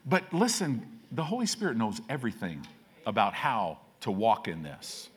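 A man's voice: mid-range voice, big pitch swings, normal speed, fairly bright tone, slightly rough. A man preaching a sermon as pastor, casual and self-deprecating, often checking in with "right?".

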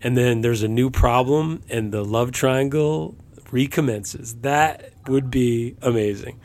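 A man's voice: mid-range voice, takes it slowly, a little mellow. A man hosting a film podcast, chatting casually and joking with his guests. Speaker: podcast host.

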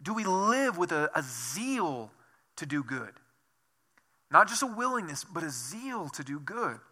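A man preaching with a very bright, forceful tone and a slightly raised pitch. He tells self-deprecating stories in a conversational way and keeps asking his listeners questions. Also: big pitch swings, a little slow. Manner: asks the listeners many questions. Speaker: pastor. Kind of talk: sermon.

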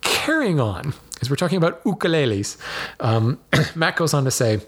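A man's voice: on the high side, big pitch swings, normal speed, slightly rough. A man hosting a podcast, answering listener mail in a chatty way that often wanders off on side tangents. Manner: rambling, digressive, chatty. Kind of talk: casual podcast talk.

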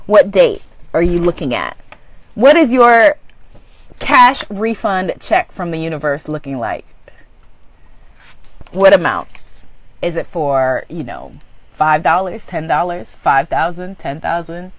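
A woman's voice: on the low side, no room sound. A woman leading a live online abundance coaching session, exuberantly affirming and reading out viewers' comments. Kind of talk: live-streamed motivational coaching.

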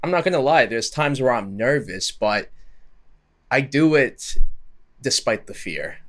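Host, male, bright forward tone, chatty slangy video commentary. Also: mid-range voice, unhurried. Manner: slangy, chatty, animated asides.

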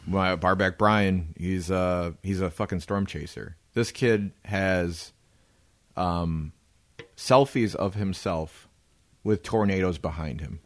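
A man's voice: deep voice, takes it slowly. A man co-hosting a podcast in laid-back, profane, teasing banter. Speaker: podcast co-host. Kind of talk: casual banter.

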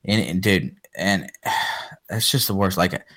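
A man's voice: deep voice, unhurried, sharp tone. A father chatting casually, rambling and trailing off with self-deprecating humor. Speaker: podcast co-host, father. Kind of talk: casual chat.

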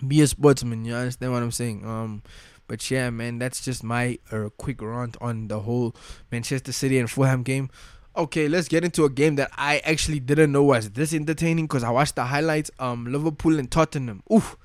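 A man's voice: mid-range voice, steady tone, a little fast, no room sound. A young man giving a casual, slangy rant as a football fan vlogger, frustrated and repeating himself.

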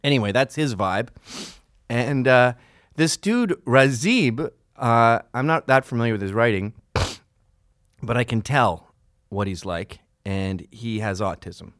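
A middle-aged man delivering a solo podcast monologue in a profane, sarcastic rant. His voice sits in an ordinary middle pitch and sounds dry and close in a studio. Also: lively intonation, unhurried, a bit bright, no echo. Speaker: podcast host.

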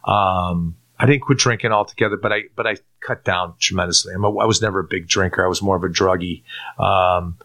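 Speaking fairly quickly in a low voice, a man from Turkey gives a personal faith testimony as a guest. He animatedly acts out things he once said and often restarts with repeated words.

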